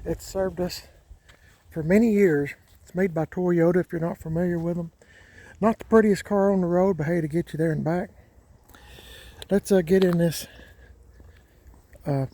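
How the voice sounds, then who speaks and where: A man's voice: high voice, measured pace, long pauses, dark tone. An older man, rambling in a folksy way with many fillers as he narrates his vlog outdoors among cars. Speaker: channel host. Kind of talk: casual vlog narration while moving cars. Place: outdoors in a yard, in and around cars. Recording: noisy outdoor recording with car sounds.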